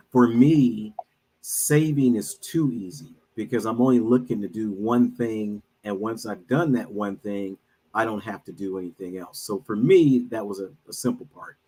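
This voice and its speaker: A middle-aged man speaking as a guest on an online talk, telling a personal story in an earnest, measured way with frequent pauses. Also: lowish voice, warm tone, husky, low-quality recording. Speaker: guest speaker, minister and financial advisor.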